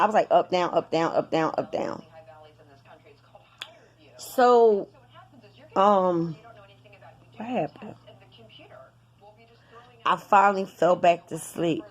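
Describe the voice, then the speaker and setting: A woman's voice: fairly low pitch, slow pace, pauses often. Chatty, profane woman telling a storytime. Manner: animated, profane, addresses viewers directly with lots of repetition. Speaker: vlogger telling a personal story. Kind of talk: casual storytime monologue to viewers.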